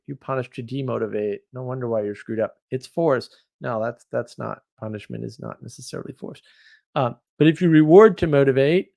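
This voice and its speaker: A man hosting a casual livestream, chatting and reacting to viewer comments in a rambling, opinionated way, often getting louder or dropping suddenly to a mutter. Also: mid-range voice, vocal fry. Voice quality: rambling, opinionated, quick shifts in loudness. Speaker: livestream host.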